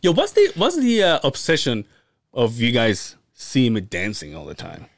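A man co-hosting a podcast, telling stories in an animated, profane way and laughing often. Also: medium pitch, moderate pace, dry recording, studio quality. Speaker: podcast co-host. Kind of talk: casual storytelling chat.

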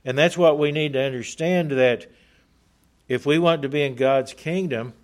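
A man preaching a sermon, reading scripture aloud and explaining it in an earnest, emphatic way, slowing down to stress key points. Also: on the high side.

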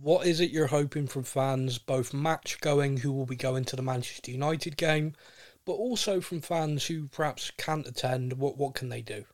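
A man's voice: medium pitch, normal speed. A man hosting a casual fan podcast, jokey and rambling, often poking fun at himself. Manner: jokey, rambling, self-mocking. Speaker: podcast host.

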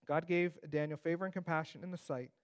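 Higher-voiced man teaching Scripture. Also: fairly even intonation, quick pace. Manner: conversational, with joking asides. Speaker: Bible teacher. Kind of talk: conversational Bible teaching.

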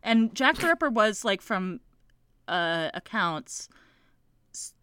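Bright, crisp woman with dry sarcasm. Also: medium pitch, sing-song, takes it slowly, no echo. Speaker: podcast co-host. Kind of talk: casual book podcast chat.

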